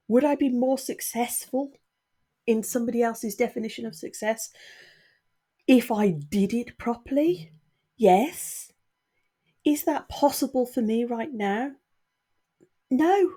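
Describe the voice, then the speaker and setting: Middle-aged woman, vlogger, earnest, emotional and sniffly, mellow voice. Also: a little high, breathy edge. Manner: earnest, emotional, talks straight to viewers. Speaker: YouTuber. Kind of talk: candid talk to camera.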